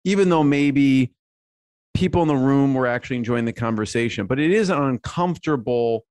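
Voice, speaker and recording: Brief: man hosting a chat show, easygoing and a little hesitant, mid pitch, dry close mic. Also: a little fast, no echo. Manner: relaxed, hesitant with fillers, follow-up questions. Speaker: podcast host. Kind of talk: casual interview.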